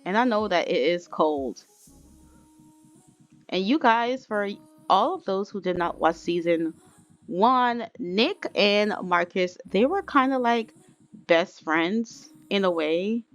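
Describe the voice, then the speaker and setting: A woman's voice: mid-range voice, expressive, slow, faint music behind. A young woman hosting a let's-play, narrating a life-sim story in a chatty, dramatic way and talking to her viewers. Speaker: gaming channel host.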